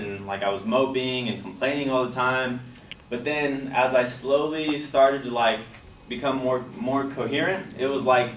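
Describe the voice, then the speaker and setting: A young man telling a personal life story in a casual, halting way, full of "like" and "you know". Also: medium pitch, fairly bright tone. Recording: echoey, distant from the mic, faint background noise.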